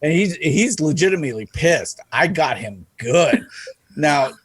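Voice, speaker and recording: A man's voice: a little high, lively intonation, a little slow, breathy edge, no room sound. A man co-hosting a podcast, telling a story in a profane, laid-back way. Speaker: podcast co-host. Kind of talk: casual storytelling. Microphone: podcast microphone.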